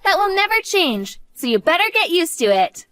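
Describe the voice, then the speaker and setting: A woman's voice: very high voice, sing-song, normal speed, fairly bright tone, no echo, studio quality, heavily acted. A woman voicing an earnest, devoted college-age daughter who talks to her mother. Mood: affectionate. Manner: earnest, pleading.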